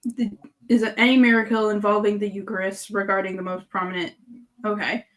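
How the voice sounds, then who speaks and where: A woman's voice: medium pitch, flat delivery, fairly quick. A woman co-hosting a casual podcast chat, talking in a chatty, joking way with the odd swear. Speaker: podcast co-host.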